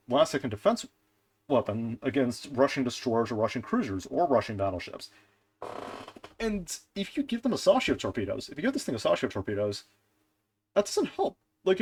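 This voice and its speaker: A young man giving casual commentary on game stats, animated and ranting, with frequent fillers and restarts. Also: mid-range voice. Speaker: gaming content creator.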